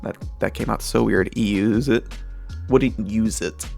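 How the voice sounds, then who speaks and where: A young man giving casual, chatty commentary as he reacts to memes, with frequent laughs and animated asides. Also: lowish voice, slow, vocal fry, soft background music.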